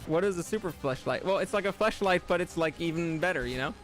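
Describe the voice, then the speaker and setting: A male streamer casually chatting with his viewers while playing a platformer game, reading messages aloud and breaking into loud, high laughing fits. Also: fast talker, soft background music. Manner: reads chat aloud and reacts with loud, high laughing outbursts. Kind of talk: live game stream chat.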